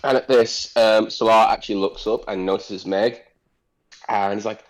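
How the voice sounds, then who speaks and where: A man with a fairly low voice, fairly even intonation and a moderate pace narrates his character's actions while playing a tabletop role-playing game. He rambles with many fillers, and the audio quality is poor.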